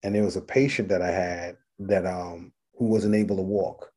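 A middle-aged man, a rapper guesting on an interview, telling animated stories, acting out voices and swearing freely. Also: low-pitched, moderate pace. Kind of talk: casual storytelling interview.

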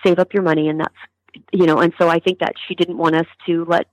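A woman, a grieving mother, telling her story in an interview in a halting way with many restarts. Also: lowish voice, flat delivery, no room sound, low-quality recording. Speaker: mother of a murder victim, interview guest. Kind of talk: emotional interview testimony.

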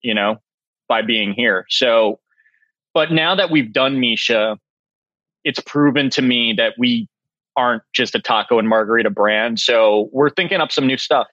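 A man's voice: medium pitch, unhurried, sharp tone, no echo, lo-fi sound. A man in his forties from Massachusetts, a chef guesting on a podcast, talking in a dry, self-mocking way. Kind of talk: casual interview chat.

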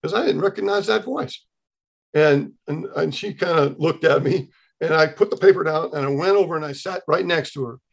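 A man in his sixties, a podcast guest, telling a personal faith testimony in an animated way, acting out the dialogue he quotes. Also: fairly high pitch, normal speed, vocal fry.

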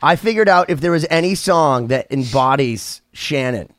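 A man's voice: fairly high pitch, normal speed, dry recording. A man hosting a podcast in casual chat, telling stories with jokes and plenty of swearing. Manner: animated storyteller, swears freely, jokey tangents. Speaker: podcast host.

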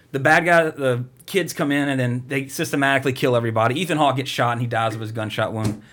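Man, middle-pitched, loose and profane; rambles and mocks while retelling a film plot. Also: fast, hardly any pauses, fairly bright tone. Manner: rambling, profane, mocking storyteller. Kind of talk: casual movie recap chat.

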